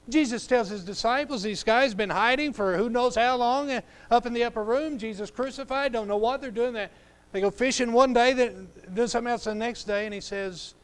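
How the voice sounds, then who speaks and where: A man preaching a sermon as pastor, swinging between loud emphatic lines and hushed, drawn-out phrases, and acting out scripture dialogue in a lowered voice. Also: slight background noise.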